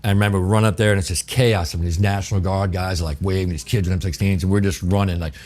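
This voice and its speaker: Talking fast in a very low voice, a middle-aged chef from New Orleans, USA, tells a story as a guest in a laid-back interview. His delivery is vivid and profane, and he acts out the conversations.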